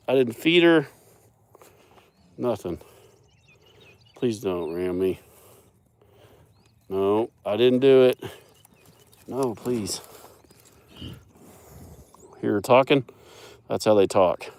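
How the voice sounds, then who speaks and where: A man's voice: on the low side, takes it slowly, pauses often, darkish tone, no room sound. A man chatting casually on a live stream while out among cattle in a pasture, joking and talking to the animals. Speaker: livestreamer on a farm.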